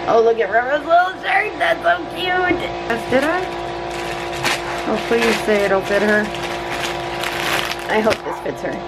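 A woman's voice: a little high, expressive, measured pace, vocal fry, long pauses, over loud music. A woman vlogging casually with a gushing, giggly enthusiasm, first at home and then from her car. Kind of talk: casual vlog chat.

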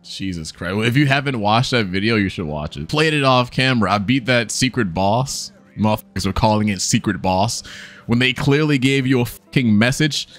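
A young man talks through his game session in a loose, profane, joking way. He addresses his viewers like friends. His pitch moves around a lot in a middle register. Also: expressive, moderate pace, a bit bright, faint music behind. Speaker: gaming YouTuber. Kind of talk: casual gameplay commentary.

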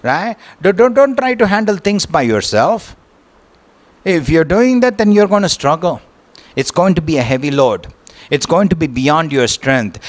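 A male pastor preaching a sermon, often asking "right?" and repeating words as he goes. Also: a little high.

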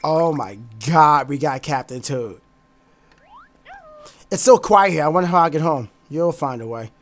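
Excitable man commenting on a video game. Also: fairly high pitch, unhurried. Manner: excitable, shouts and half-sings when thrilled, chatty. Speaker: gaming YouTuber. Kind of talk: let's play commentary. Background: faint game music.

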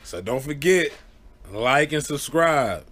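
Animated man telling a story casually. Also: a little high, slow. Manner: animated, laughing often, acts out voices. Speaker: vlogger.

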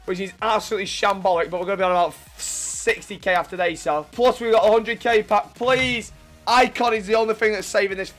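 A young man commentating his own football gameplay, swearing, shouting at opponents and ranting in frustration. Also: sits high, fairly even intonation, fairly quick, soft background music. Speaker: gaming YouTuber.

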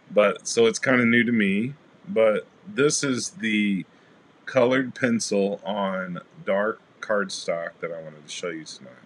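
Male craft livestream host, low voice, easygoing and chatty with viewers; light room noise. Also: slow pace. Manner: chatty, greets live chat viewers by name; relaxed, rambling with fillers. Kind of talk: casual craft demo livestream.

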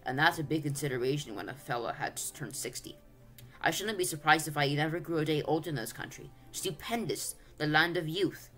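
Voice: mid-range voice, brisk, pushed and bright, faint music behind, natural voice. A reader voicing a greedy, self-important English uncle of sixty who blusters and gloats, in a storybook reading. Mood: gloating. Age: 60s. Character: excitable greedy old English uncle, male.

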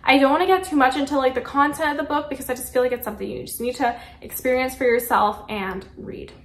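High-voiced chatty woman reviewing books. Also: fast, a bit bright, roomy sound. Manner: chatty, gushing, heavy use of "like". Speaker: book reviewer. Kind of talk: casual monthly reading wrap-up. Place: room at home during a power cut, daylight fading.

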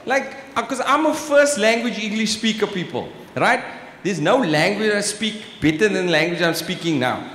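A man's voice: high-pitched, animated, moderate pace, a bit bright, a little hiss or hum. A man from Cape Town with a South African accent doing live stand-up comedy, chatty, often asking "right?" and tossing in "bruh". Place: large exhibition hall on stage. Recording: echoey live hall, faint ambience.

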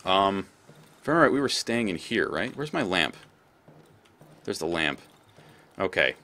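A man's voice: low voice, big pitch swings, moderate pace, sharp tone, slight background noise. Rambling, swearing let's-play man. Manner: rambling, swears freely, thinks aloud. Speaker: gameplay commentator.

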